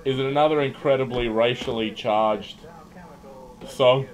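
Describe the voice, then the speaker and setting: A man's voice: mid-range voice, measured pace, poor audio. A young man giving casual live commentary over a shooter game, swearing freely and yelping when things go wrong. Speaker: streamer. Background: game music and gunfire.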